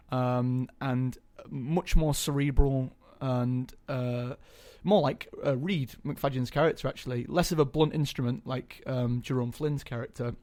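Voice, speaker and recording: A young man talking casually as an interview guest, chatty and hesitant, filling pauses with ums. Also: medium pitch, a little mellow. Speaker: guest actor.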